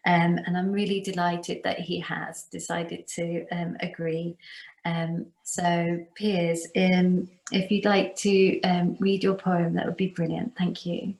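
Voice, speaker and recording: A woman hosts an online reading, speaking very slowly with many hesitant ums. Her voice is slightly low. It sounds echoey, as if from a bare room on a video call. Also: little pitch movement, gravelly, a little mellow. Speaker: event host. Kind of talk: introducing readers at an online event.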